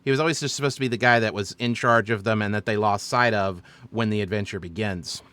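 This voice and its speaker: A man's voice: on the low side, quick pace, bright, forceful tone, smooth. A man as dungeon master, chattily recapping and explaining his choices on a stream. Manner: chatty, explaining with fillers and self-corrections.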